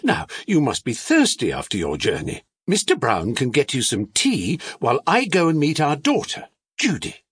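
A man voicing a kind, excitable middle-aged woman who fusses over a lost bear. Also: mid-range voice, normal speed, breathy edge, pitched above the performer's own voice, full character voice. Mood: fussing. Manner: fussing, exclamatory.

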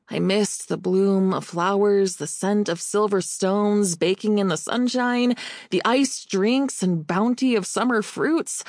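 A woman reading a novel aloud as an audiobook narrator, in a measured, expressive first-person telling on a close studio mic. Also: fairly low pitch, no echo.

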